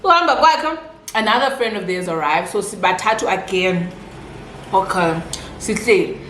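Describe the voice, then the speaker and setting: A young South African woman with a Xhosa-influenced accent, telling a casual storytime while eating, chatty and animated. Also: medium pitch, moderate pace, reverberant, slight background noise. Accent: South African, Xhosa-speaking. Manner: chatty, code-switching, animated retelling. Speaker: vlogger.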